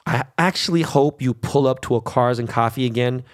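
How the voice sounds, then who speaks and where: A man's voice: mid-range voice, a little fast. A man hosting his own podcast, delivering a blunt, combative monologue full of swearing and rhetorical questions. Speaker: podcast host. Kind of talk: profane monologue rant.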